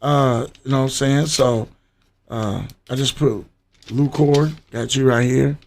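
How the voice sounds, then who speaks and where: A man's voice: mid-range voice, steady tone, unhurried, vocal fry. Chatty livestream host, man. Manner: loose, chatty, talks straight to viewers. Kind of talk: casual live-stream chat.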